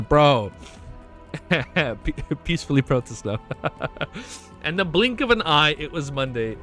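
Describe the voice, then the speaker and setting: Excited man reading a web novel aloud. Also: fairly high pitch. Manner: reads narration, breaks off into emotional reactions and swearing. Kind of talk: casual reading with excited reactions.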